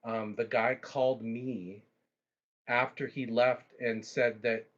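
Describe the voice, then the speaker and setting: A man hosting a livestream, telling a long story in a casual, animated way with frequent restarts and asides. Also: mid-range voice, slow pace, lo-fi sound. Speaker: livestream host.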